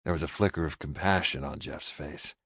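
Male audiobook narrator, extremely deep voice, dry close sound, measured first-person read. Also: a bit bright, husky, no echo.

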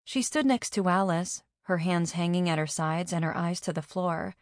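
A woman reading a first-person audiobook in a measured, even way. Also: on the low side, no echo, studio quality.

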